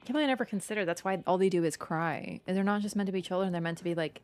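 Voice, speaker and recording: A young woman streaming a horror game live, chatting excitably, joking and swearing at the game. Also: lowish voice, rapid-fire, faint music behind. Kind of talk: live let's-play chat.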